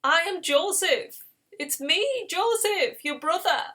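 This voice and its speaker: Woman doing an emotional man reunited with his brothers, pleading and raised, pitched high. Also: measured pace, fairly bright tone.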